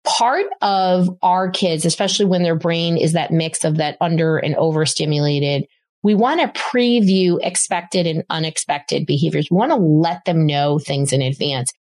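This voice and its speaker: Middle-aged woman podcast host, lowish voice, upbeat and emphatic, dry close sound. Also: moderate pace, a little mellow, no echo. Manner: emphatic and enthusiastic, repeats words for stress. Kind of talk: casual advice monologue.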